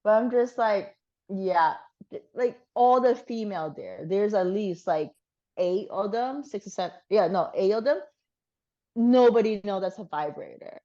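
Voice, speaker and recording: A woman's voice: medium pitch, expressive, measured pace, dark tone, lo-fi sound. A woman telling a funny story in casual chat, swearing freely and laughing as she goes. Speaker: guest.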